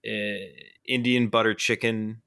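A young man tells a story on a casual podcast, his voice bright and forward. He talks in an animated way, piles up fillers and swears freely. The recording is dry and close. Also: on the low side, unhurried, clean tone, dry recording. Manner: animated and profane, with frequent fillers. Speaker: podcast co-host.

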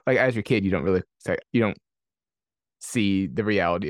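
A man's voice: low-pitched, brisk, dry recording. A man co-hosting a podcast, chatting casually in brief laid-back replies. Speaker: podcast co-host. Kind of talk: casual chat.

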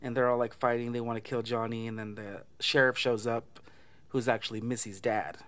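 Man, casual movie recap, mid-pitched voice, laughs a lot, swears, mimics characters. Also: flat delivery, a little fast, a bit bright, clean tone.

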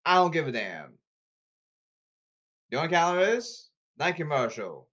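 Animated man ranting on a podcast. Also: moderate pace. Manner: animated, erratic pitch leaps and volume swings; repetitive, exasperated ranting. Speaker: podcast host.

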